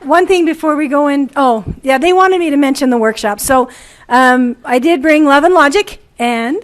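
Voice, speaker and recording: A woman's voice: sits high, normal speed, background noise. A woman presenting at a conference, speaking in a friendly, informal way with fillers. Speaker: school presenter.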